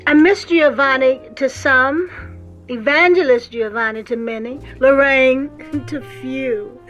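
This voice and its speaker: An actress playing a gracious older woman who is an evangelist and gospel singer, speaking slowly and reassuringly in an audio drama. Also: high voice, a bit bright, dull audio, soft background music. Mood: dignified.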